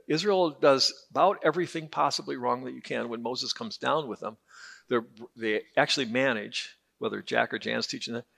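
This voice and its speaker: A man's voice: mid-range voice, vocal fry, a bit bright. A man teaching a Bible class in a conversational, joking way, often repeating words as he restarts.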